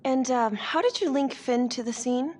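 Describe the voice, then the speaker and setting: A firm district attorney. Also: female voice, high voice, darkish tone, far from the mic. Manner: measured, probing, firm. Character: composed female district attorney questioning police.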